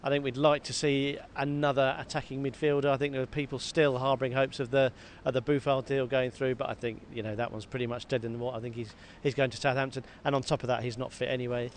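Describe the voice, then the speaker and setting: A man co-hosting a football podcast, talking in a lively, self-mocking way and often repeating words. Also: medium pitch, fast talker, few pauses. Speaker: podcast co-host. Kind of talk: casual football chat. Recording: faint background noise.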